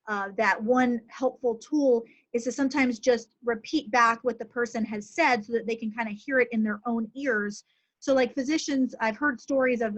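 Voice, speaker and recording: A woman's voice: on the high side, fairly bright tone, highs cut off. A middle-aged woman, a physician, hosting a conversational interview in an earnest tone with plenty of fillers. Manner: earnest, uses many fillers. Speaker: physician host.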